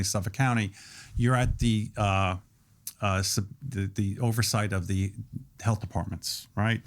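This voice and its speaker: On a podcast interview, a man in his sixties with a slightly low voice speaks as a guest. His explanations run long, steady, and detailed in a conversational way, much like a restaurant owner walking through how his business works.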